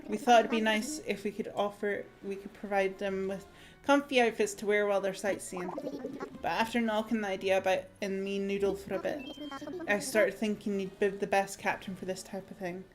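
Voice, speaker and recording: A woman's voice: mid-range voice, fairly even intonation, moderate pace, lightly acted. A woman reading aloud the lines of a friendly female hotel manager in a game, with a light put-on Irish accent.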